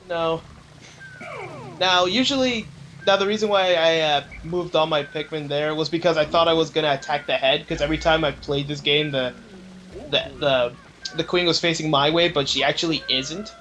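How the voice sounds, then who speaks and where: A man's voice: fairly high pitch, moderate pace, sharp tone, dull audio, slight background noise. Chatty, laughing let's-play man. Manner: laughs often, chatty, explains gameplay as he goes. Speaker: let's play host playing the game. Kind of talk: casual game commentary.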